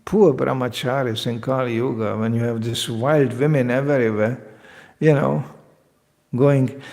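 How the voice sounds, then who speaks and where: Male spiritual teacher, devotional lecture, gravelly and animated, acts out quotes, big echoing hall. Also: medium pitch, a little slow. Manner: lively, joking, acts out quoted voices.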